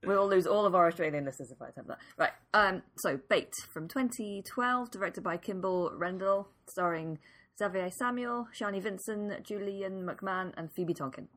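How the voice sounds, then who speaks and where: A woman co-hosting a podcast, reading a film synopsis and chatting in a relaxed way with many "um"s. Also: mid-range voice, normal speed. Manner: relaxed, hedging with "um" and "uh". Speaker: podcast co-host. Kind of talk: casual chat and read synopsis.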